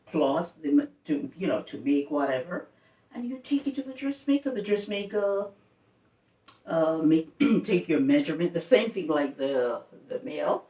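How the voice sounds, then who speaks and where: A woman's voice: low-pitched, a little mellow, recorded from a distance. A woman with a Jamaican accent explaining words in a casual, sing-song way, switching between patois and plainer English. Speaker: culture vlogger. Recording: echoey room, voice from off mic.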